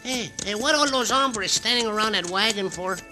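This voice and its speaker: A man playing a chuckling Mexican sidekick with a high voice. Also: a little fast, over music, lightly acted. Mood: cheerful. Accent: Mexican Spanish. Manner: broken English, chuckling, simple-minded. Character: jolly sidekick, mangles English words. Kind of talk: 1950s radio drama acting.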